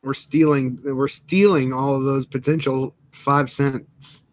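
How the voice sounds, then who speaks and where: A man's voice: medium pitch, level tone, slow, dry recording. Crude mocking man on a livestream. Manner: crude, mocking, talks over his co-host. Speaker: livestream co-host. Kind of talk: casual livestream chat.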